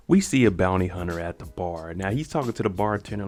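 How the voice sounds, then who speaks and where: Guy recapping an episode, kinda low voice, chatty, quick bits of character voices, some faint music behind. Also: vocal fry. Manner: animated retelling, acts out characters' lines. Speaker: show recap host. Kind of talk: casual spoken episode recap.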